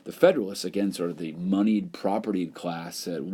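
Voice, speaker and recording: A man's voice: deep voice, steady tone, fairly quick, mellow, breathy edge. A man teaching a recorded history lesson over whiteboard slides, explaining in a loose, conversational way with plenty of "you know" and "um".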